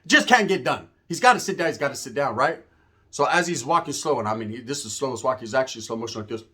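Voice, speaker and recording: A storyteller guest, a man with a medium-pitched voice, talks at a quick pace through a casual story full of profanity and street slang. He animatedly acts out the voices of the people in it and often tags on "right?".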